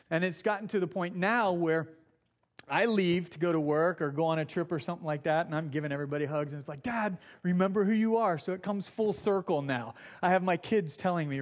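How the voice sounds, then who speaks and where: A middle-aged male pastor preaching a sermon in a slightly high voice. He tells stories, acts out the quotes, and slows right down to stress the points he wants to land. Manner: storytelling with acted quotes, slows for emphasis.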